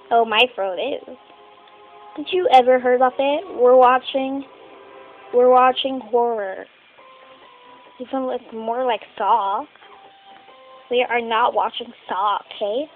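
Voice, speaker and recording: A woman voicing teenage doll characters in a homemade skit, talking in a halting, rambling way and often clearing her throat. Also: high voice, phone-quality sound.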